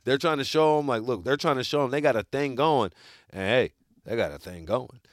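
A man's voice: mid-range voice, brisk, no echo, clean studio sound. A man co-hosting a sports talk show, arguing in a slangy, emphatic way and repeating his points. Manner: animated, slangy, emphatic repetition. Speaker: sports podcast co-host. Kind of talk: casual sports debate.

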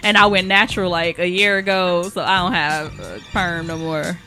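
Woman cohost, bright voice, cusses a lot, laughs easy, faint music behind. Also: fairly low pitch, normal speed. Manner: blunt, profane, laughs often. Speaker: podcast co-host. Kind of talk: casual chat.

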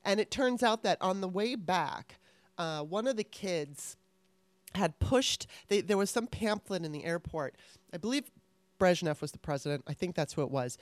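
A woman in casual chat, telling stories in an animated way and laughing often. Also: lowish voice, moderate pace, dry recording.

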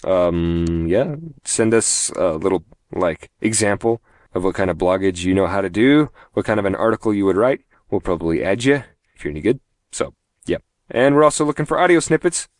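A man's voice: low voice, a little fast, no echo. A man hosting a casual gaming podcast, rambling through announcements with self-mocking jokes and frequent laughter. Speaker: podcast host.

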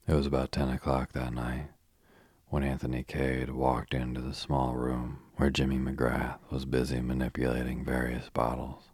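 A man narrating a classic mystery as a calm bedtime audiobook. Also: extremely low pitch, gravelly, breathy edge, dry recording. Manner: even, unhurried reading.

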